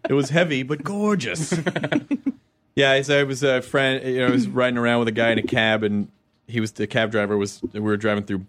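Fast-talking joking male host. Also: medium pitch, fairly even intonation. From United States, Kentucky. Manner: quick anecdotal storytelling, joking asides. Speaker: podcast host. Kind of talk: casual chat.

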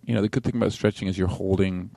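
Low-pitched male co-host, relaxed and halting, dry close mic. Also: gravelly, no room sound. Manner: easygoing, halting with restarts. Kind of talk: casual comedic chat.

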